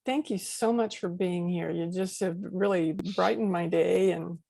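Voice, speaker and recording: A woman who hosts a podcast, closing an interview by thanking her guest in a warm, grateful way. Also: fairly low pitch, a little slow, gravelly, no echo. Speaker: podcast host.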